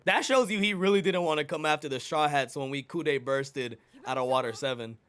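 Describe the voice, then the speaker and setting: A man reacting to an anime episode with hyped, slangy commentary that often breaks into shouts. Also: a little high, a little fast, few pauses, clear, resonant tone.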